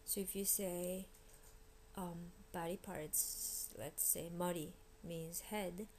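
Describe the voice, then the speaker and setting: A woman teaching a language lesson, explaining grammar and repeating each word slowly so learners can copy it. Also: fairly low pitch, fairly even intonation, a little mellow, slight background noise. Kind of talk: recorded vocabulary lesson.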